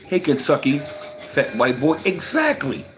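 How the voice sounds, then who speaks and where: Man, livestream host: heated, swearing commentary with a lively, swinging pitch. Reads chat aloud. Faint music underneath. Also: unhurried. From United States. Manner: profane and emphatic, firing off rhetorical questions.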